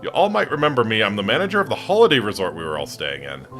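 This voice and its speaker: A man voicing an earnest adult male resort manager who calmly takes charge of a group, in a survival game. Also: fairly low pitch, very fast, faint music behind, exaggerated voice.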